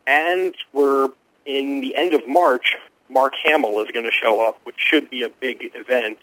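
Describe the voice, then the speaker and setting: A man who is a guest TV critic, giving quick, informed and enthusiastic answers in a radio interview. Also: mid-range voice, fairly bright tone, no room sound, rough recording.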